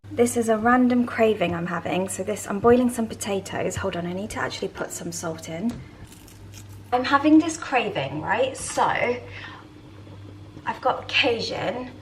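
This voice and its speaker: A woman chatting casually to the camera in a home vlog, rambling and soft-spoken. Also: on the high side, lively intonation, unhurried, a little hiss or hum, low-quality recording. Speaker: vlogger. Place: home interior.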